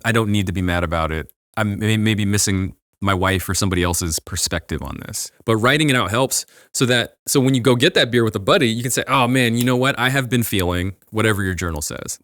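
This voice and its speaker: A man's voice: lowish voice, a bit bright, dry recording, studio quality. A man in his thirties, a podcast host, giving casual advice in an earnest, rambling way with many restarts.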